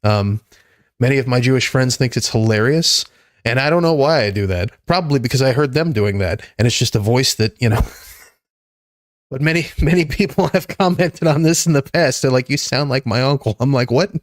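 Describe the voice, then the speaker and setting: Streamer guy rambling and restarting, mid pitch voice, dry close mic. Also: no echo. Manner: rambling, halting, many restarts. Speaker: livestream host. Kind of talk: casual political chat.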